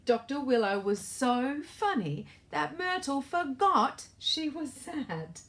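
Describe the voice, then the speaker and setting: A woman's voice: high voice, sing-song, takes it slowly, fairly bright tone. A woman author reading her children's storybook aloud in a playful way and asking the young listeners questions.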